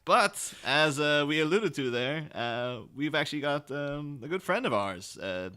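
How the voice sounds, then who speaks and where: A man co-hosting a podcast, telling stories in a rambling, animated way with lots of fillers. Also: on the high side, unhurried, clean tone. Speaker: podcast co-host. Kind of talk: casual chat.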